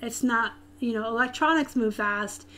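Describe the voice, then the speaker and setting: A woman's voice: on the high side, normal speed, pushed and bright, a little hiss or hum. A woman from Arizona with a light Southern US accent, hosting a casual live stream and answering viewers' chat comments directly. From Tucson, Arizona, US.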